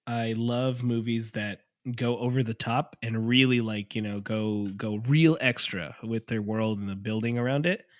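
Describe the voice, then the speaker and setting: A man's voice: mid-range voice, steady tone, moderate pace, few pauses, no echo, studio quality. A man co-hosting a gaming podcast, agreeing with his partner and adding thoughtful remarks. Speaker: podcast co-host. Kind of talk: casual chat.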